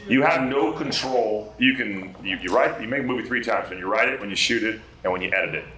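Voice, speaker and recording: A male actor, a guest on a bar talk show, telling animated stories with lots of restarts and swearing. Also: lowish voice, a little fast, echoey room, low-quality recording. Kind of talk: casual chat, anecdote telling.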